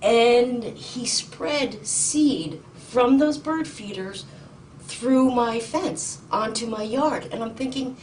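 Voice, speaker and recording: A middle-aged woman testifying in a courtroom, urgent and indignant, halting with ums and restarts. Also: fairly high pitch, a little mellow. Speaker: petitioner in court. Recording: distant mic with faint noise.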